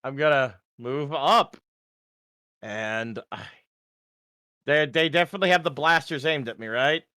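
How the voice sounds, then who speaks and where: Bright, crisp-voiced swearing male player. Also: fairly high pitch, unhurried, dry recording, clean studio sound. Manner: crude, swears freely, thinks aloud. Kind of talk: casual tabletop game chat.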